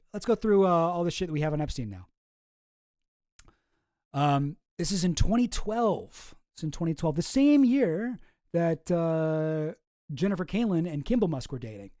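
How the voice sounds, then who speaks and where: A man hosting a casual commentary stream, rambling, sarcastic and quick to swear. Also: sits high, mellow, no echo, studio quality. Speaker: streamer host.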